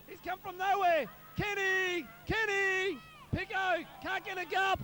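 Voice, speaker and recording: High-pitched footy play-by-play caller. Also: male voice. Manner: quick play-by-play, rising excitement. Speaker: club commentator. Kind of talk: amateur football commentary.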